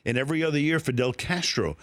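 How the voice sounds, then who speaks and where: A man's voice: a little high, quick pace, a bit bright, no echo. An older man, a sports broadcaster being interviewed, telling anecdotes with laughter and rising quoted voices on a studio mic. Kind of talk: storytelling interview.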